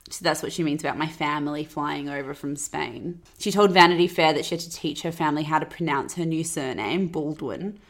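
A woman's voice: deep voice, fairly quick, hardly any pauses. A woman hosting a podcast, chatting sarcastically and filling her talk with "like". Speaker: podcast host. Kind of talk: casual gossip chat.

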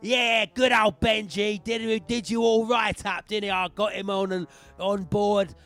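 A man's voice: high-pitched, level tone, unhurried, fairly bright tone, soft background music. A man putting on a brash swearing rogue agent. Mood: gleeful. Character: cheeky foul-mouthed male rogue secret agent.

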